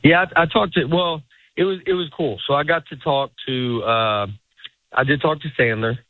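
A man's voice: on the high side, moderate pace, dry recording. A middle-aged man, a stand-up comedian, chatting casually as an interview guest, rambling and breaking off mid-sentence to act out quotes. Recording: tinny phone-like radio sound.

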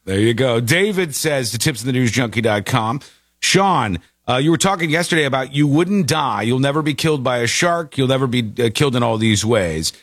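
Animated male radio host. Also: mid-range voice, fairly quick, dry recording, studio quality. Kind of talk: reading listener emails on talk radio. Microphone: studio mic.

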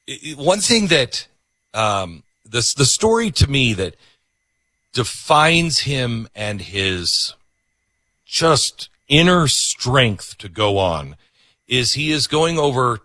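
A male host telling a story in animated casual interview chat. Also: medium pitch, dry recording.

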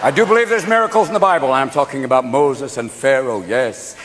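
A male stand-up comedian performing a routine on a club stage, jumping into loud character voices. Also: medium pitch, a little fast. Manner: animated, shifts into shouted character voices. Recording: live hall recording with audience noise.

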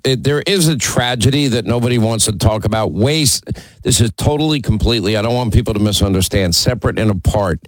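A man's voice: on the low side, no room sound, rough recording. A man hosting a call-in talk radio show, speaking emphatically and teasing callers.

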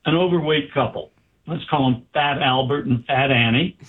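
A man's voice: mid-range voice, moderate pace, husky. A man, a doctor being interviewed, telling a story with animation and acting out the dialogue. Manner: animated, acts out quoted dialogue. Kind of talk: anecdotal storytelling. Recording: tinny phone-like line.

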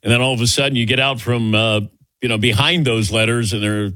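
A man's voice: mid-range voice, steady tone, brisk, bright, forceful tone, no echo. A man hosting a sports radio talk show, wry and self-deprecating in casual chat. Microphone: studio microphone.

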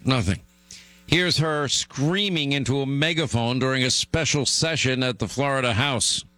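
A man's voice: mid-range voice, normal speed, sharp tone, no echo, faint music behind. A middle-aged man hosting a talk radio show, delivering an emphatic monologue that gets worked up.

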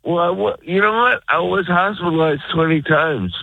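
A man's voice: high voice, normal speed, creaky, breathy edge, dry recording. A man calling in to a radio show, rambling and mumbling as he talks. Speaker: caller. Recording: tinny phone line.

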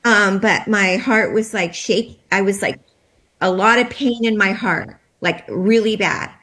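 Shaken and trembling, a woman interview guest recounts a personal experience in a medium-pitched, slightly bright voice. She speaks haltingly, with many restarts and fillers.

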